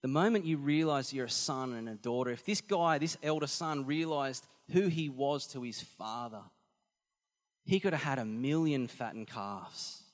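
A man preaching a sermon, animated and emphatic, often repeating phrases for effect. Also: mid-range voice, normal speed. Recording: long hall reverb.

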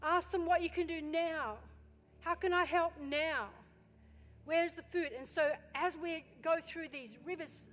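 A woman pastor preaching a sermon with passion, building to loud exhortation and turning to the congregation with chatty questions and asides. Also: sits high, slight background noise. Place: church. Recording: echoey hall with faint music.

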